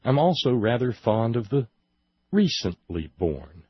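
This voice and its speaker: A man hosting a political talk show, sarcastic and emphatic, slowing down to stress his points. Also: mid-range voice, big pitch swings, slightly rough, no echo, lo-fi sound. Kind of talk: opinionated political commentary.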